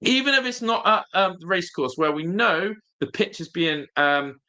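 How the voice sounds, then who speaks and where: A football fan channel host talks straight to his audience in a relaxed stream, emphatic and prone to saying things twice. The voice sits high and is sharp and expressive, delivered at a normal speed.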